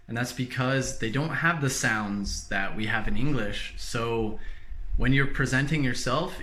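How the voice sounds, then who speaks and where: A man giving a casual language lesson, explaining French greetings and repeating each phrase slowly for learners. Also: mid-range voice, sharp tone, echoey room.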